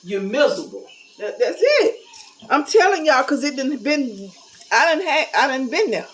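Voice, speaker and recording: A woman's voice: sits high, sing-song, moderate pace, fairly bright tone, rough recording. Blunt woman venting to camera. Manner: candid, blunt, folksy, preachy. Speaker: vlogger. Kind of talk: casual talk to camera.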